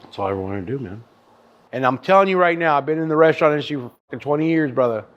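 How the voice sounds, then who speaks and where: A man in his thirties who owns and cooks at a barbecue restaurant tells his story in a casual interview, animated and swearing freely as he calls the listener dude and brother. His voice sits on the high side and he talks very fast. The recording is muffled.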